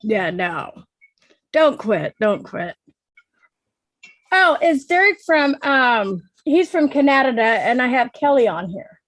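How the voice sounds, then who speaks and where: Woman livestream host from Oregon, chatty with frequent laughs, high voice, dry close sound. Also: very animated, takes it slowly, pauses often, fairly bright tone, no room sound. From Oregon, USA. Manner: chatty, laughs often, talks in restarts. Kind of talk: casual livestream chat.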